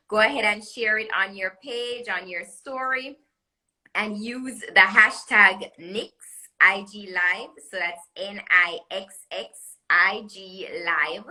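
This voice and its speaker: A woman's voice: mid-range voice, sharp tone, low-quality recording. A woman with a Caribbean accent, a jewelry designer chatting as a guest in a live online interview, laughing often as she promotes her products. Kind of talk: live social media interview. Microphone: phone or webcam on live video call.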